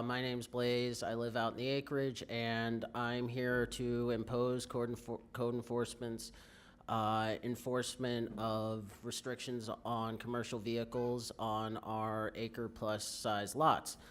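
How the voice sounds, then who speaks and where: A young man speaks at a zoning hearing in a brisk, argumentative way. He piles up rhetorical questions to press his point. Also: medium pitch, flat delivery, a bit bright, clear, resonant tone. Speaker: public commenter. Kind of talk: public comment at a county zoning hearing.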